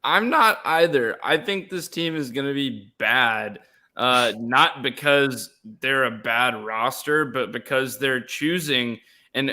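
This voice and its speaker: A man's voice: medium pitch, pushed and bright. A young man co-hosting a casual sports podcast, opinionated and emphatic, repeating words for stress. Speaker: podcast co-host.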